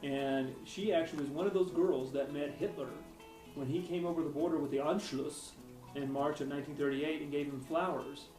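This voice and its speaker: In an interview, a male author rambles hesitantly through personal stories, restarting often. His voice is a little high and darkish, steady in tone and fairly quick. The mic is distant in a roomy space, with faint music behind him.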